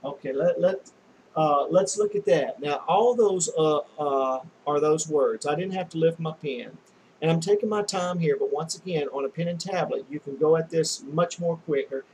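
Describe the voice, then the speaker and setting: A man giving a demonstration lesson on shorthand, talking slowly and patiently, often spelling words out letter by letter, with frequent pauses and restarts. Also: fairly high pitch, a little mellow, slight background noise, poor audio. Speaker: shorthand teacher.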